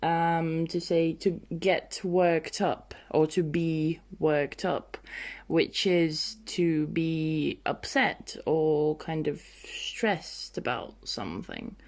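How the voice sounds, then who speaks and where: Woman co-host of a learners' podcast; lower pitch, very slow, thoughtful delivery. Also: a little mellow. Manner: slow and thoughtful, hesitant fillers. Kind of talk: casual teaching chat.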